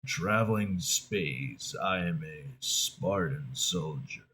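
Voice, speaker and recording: A stoic, grizzled soldier of the far future, played by a man speaks in a pushed-down, gruff monotone. Every line sounds flat and tough. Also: low-pitched, slow, pitched below the performer's own voice, heavily acted.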